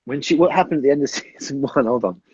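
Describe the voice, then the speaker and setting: A man's voice: mid-range voice, fast, a little mellow, slightly rough, dry recording. A man, an actor, chatting casually on a phone livestream, rambling and hesitant as he answers fan questions. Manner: rambling, hesitant, self-interrupting. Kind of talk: casual live-stream chat. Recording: dull lo-fi phone audio.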